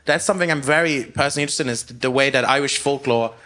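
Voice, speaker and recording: A man, from Germany, hosting a talk show and asking questions eagerly in quick bursts. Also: medium pitch, bright, forceful tone. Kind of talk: casual interview chat.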